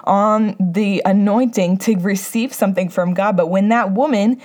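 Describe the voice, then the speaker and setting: A middle-aged woman preaching a sermon in an earnest, conversational way. Her voice sits at an ordinary middle pitch, and she often restarts her sentences as she talks. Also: normal speed, a little mellow.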